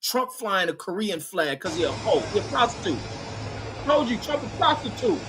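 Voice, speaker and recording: In a high, sing-song voice at normal speed, a male vlogger tears into a news video with profanity and scorn, laughing and mocking as he talks. Noticeable background noise runs under his speech.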